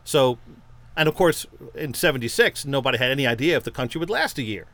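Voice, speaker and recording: A man co-hosting a casual podcast chat, an animated storyteller who acts out voices and tells history tidbits. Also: medium pitch, fast talker. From United States. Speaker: podcast co-host; tutor of young kids. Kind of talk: casual chat and joke telling.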